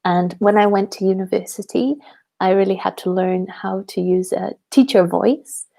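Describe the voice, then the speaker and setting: Young Welsh woman, teacher and channel host, friendly live Q&A, strong vocal fry. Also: medium pitch, fairly even intonation, moderate pace, dark tone. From Wales. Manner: chatty, laughs often, many ums. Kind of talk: live question-and-answer chat.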